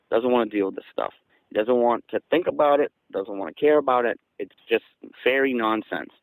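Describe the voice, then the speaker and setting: Guest storyteller, man from southeastern Massachusetts, mid-pitched, dry close sound, animated. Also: no echo, low-quality recording. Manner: excited, gets louder and higher when quoting. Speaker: guest recounting an encounter. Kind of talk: casual storytelling.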